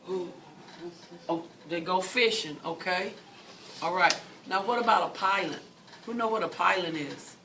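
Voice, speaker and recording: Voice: medium pitch, unhurried. A teacher leading a classroom reading lesson, patiently repeating questions and key words for the students. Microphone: far from the mic. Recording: distant, noisy classroom recording.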